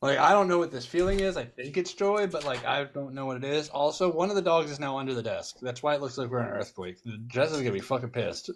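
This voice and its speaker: A man's voice: mid-range voice, fast talker, hardly any pauses, a little hiss or hum. A man co-hosting a casual livestream chat from home over a call, loose and jokey, swearing freely. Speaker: co-host.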